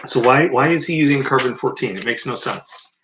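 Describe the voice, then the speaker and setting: A man's voice: mid-range voice, expressive, brisk, bright, forceful tone, a little hiss or hum, low-quality recording. A man giving sarcastic, rambling commentary, mixing book passages read aloud with mocking rebuttals. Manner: rambling asides. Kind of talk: casual commentary mixed with reading aloud.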